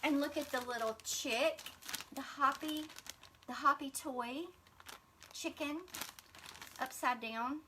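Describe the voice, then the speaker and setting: A woman's voice: sits high, slow, long pauses, noisy background. A middle-aged woman, hosting a casual craft livestream and gushing to her viewers as she unpacks gifts. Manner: gushing, chatty, addresses viewers as y'all.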